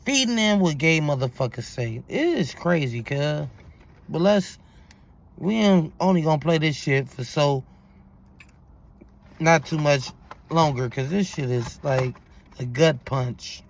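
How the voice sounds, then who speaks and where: Man, reaction host, gravelly voice, fairly high pitch, profane and incredulous. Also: slow pace, pauses often. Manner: incredulous, profane, animated slang. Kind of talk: reaction commentary.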